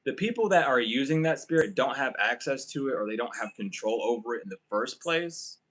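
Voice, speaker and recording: A man's voice: medium pitch, animated, a little fast, fairly bright tone, low-quality recording. A man giving a casual spiritual reading to camera, rambling and profane, often breaking into laughter. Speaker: tarot reader.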